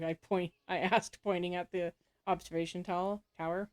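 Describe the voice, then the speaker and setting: A woman's voice: lowish voice, fairly even intonation, moderate pace, a little mellow. A woman playing a story game, reading its text aloud and adding casual comments, often laughing and correcting herself. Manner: frequent laughs and self-corrections while reading. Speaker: game player.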